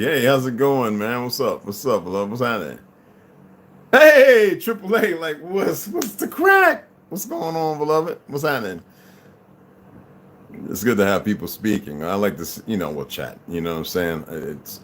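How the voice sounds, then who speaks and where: A man's voice: lowish voice, slight background noise. A tired man chatting casually and profanely on a livestream, greeting viewers as they arrive. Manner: laid-back, profane, rambling, greets viewers as "beloved". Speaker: livestream host.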